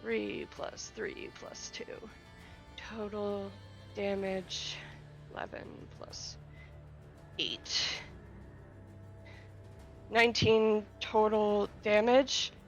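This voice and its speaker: A woman's voice: medium pitch, flat delivery, very slow, pauses often, highs cut off, music in the background. A woman playing a tabletop game, tallying her dice rolls aloud and laughing often. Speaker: player.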